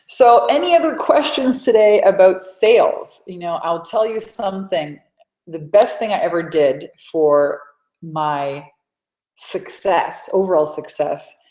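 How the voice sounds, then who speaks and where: A woman's voice: deep voice, a little mellow. A woman hosting a live coaching webinar from home, chatty and rambling with lots of restarts. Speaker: sales coach and webinar host. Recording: echoey room.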